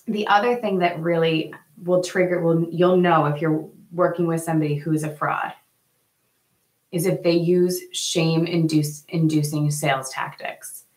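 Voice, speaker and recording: A woman's voice: low voice, steady tone, unhurried, echoey room, rough recording. A woman hosting a casual live talk to her viewers, earnest and chatty with plenty of fillers. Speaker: host.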